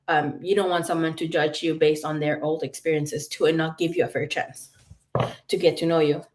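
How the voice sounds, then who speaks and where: A psychic tarot reader in her early thirties hosts a casual livestream, telling animated, profane stories. She laughs often, and her voice is low.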